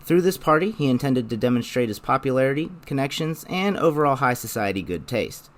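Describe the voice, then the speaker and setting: A young man narrating a scripted video essay in a measured, explanatory way. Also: mid-range voice, expressive.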